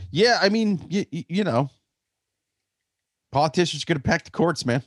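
A man's voice: on the high side, lively intonation, normal speed, no echo, clean studio sound. A man co-hosting a comedy podcast, riffing absurd crude scenarios with stammered restarts. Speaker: podcast co-host. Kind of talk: casual comedic banter.

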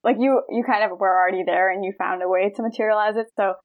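A woman's voice: mid-range voice, steady tone, fast talker. A young woman in her twenties asks questions in a casual interview. She is friendly and a bit hesitant, with many fillers. The sound is a little dull. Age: 20s. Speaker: student interviewer.

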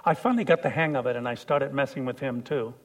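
A man preaching a sermon, telling a personal story and swinging from hushed lines to loud shouts. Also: mid-range voice, fast talker.

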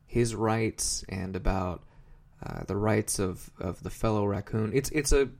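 A low-voiced man with a gravelly, creaky edge recaps a TV episode for his podcast. He rambles in a loose, joking way and trips over his words as he goes. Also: a little slow, darkish tone. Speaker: podcast co-host. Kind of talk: casual comedic recap chat.

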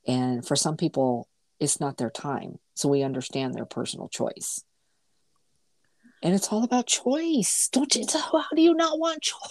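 A woman in her fifties in casual chat, animated and quick to laugh and agree. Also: low-pitched, dry recording. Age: 50s.

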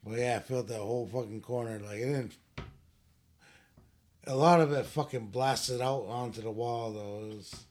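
A man's voice: medium pitch, normal speed, darkish tone. A man co-hosting a podcast, talking bluntly and crudely in casual chat. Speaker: podcast co-host.

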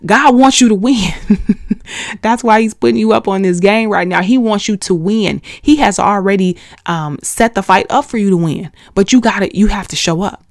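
A woman's voice: medium pitch, no echo, clean studio sound. A middle-aged woman hosting a faith podcast, urging listeners on in an emphatic, preachy way. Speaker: podcast host. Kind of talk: motivational faith talk.

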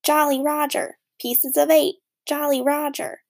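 A woman voicing a male parrot in a storybook, with a high, squeaky, screechy voice that repeats its phrases in sing-song bursts. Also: little pitch movement, unhurried, a little mellow. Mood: squawking. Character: squawking male pet-shop parrot, repetitive.

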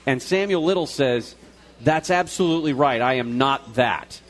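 A man's voice: mid-range voice, lively intonation, normal speed, faint music behind. Male radio co-host, loose and joking. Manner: conversational, joking, with fillers and restarts. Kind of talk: casual radio talk, retelling a news story. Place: live broadcast from a restaurant.

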